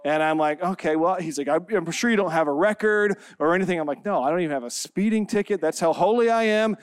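Forty-something pastor guy, high clear voice, jokey storytelling then preaching. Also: fast talker, no room sound. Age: 40s. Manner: humorous, self-deprecating storytelling, laughing often. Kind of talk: sermon with a storytelling opener.

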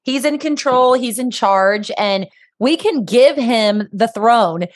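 A woman's voice: a little high, animated, slow. Upbeat woman hosting a faith podcast. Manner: upbeat, encouraging, preacherly. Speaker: podcast host. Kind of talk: Christian podcast interview.

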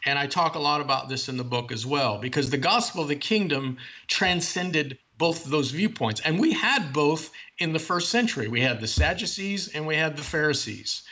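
Speaking as the author being interviewed in a theological discussion, this man lays out his points through long, earnest explanations. His somewhat high voice is animated, bright and forceful, moving at normal speed with hardly any pauses.

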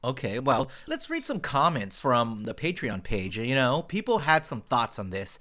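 A man's voice: medium pitch, wildly swooping pitch, normal speed, pushed and bright. A man hosting a podcast, joking and teasing his guests in casual chat. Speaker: podcast host.

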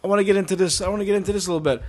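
A man's voice: high voice, steady tone, racing, a loud crowd. A man hosting a casual podcast chat, opinionated and prodding with questions.

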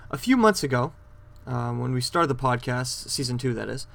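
A man's voice: medium pitch, lively intonation, normal speed, vocal fry, a bit bright. A man hosting a podcast on his own, recapping a TV episode in a rambling, chatty way with frequent self-corrections. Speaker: podcast host.

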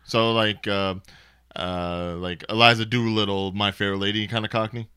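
A man's voice: lowish voice, normal speed, clean tone, no room sound, clean studio sound. An American man co-hosting a podcast, chatting casually about movies with lots of fillers. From United States. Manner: relaxed, rambling with many fillers. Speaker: podcast co-host.

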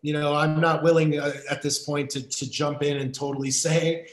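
An American man in casual conversation, talking haltingly with many fillers and restarts. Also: fairly high pitch, flat delivery, roomy sound, poor audio. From United States.

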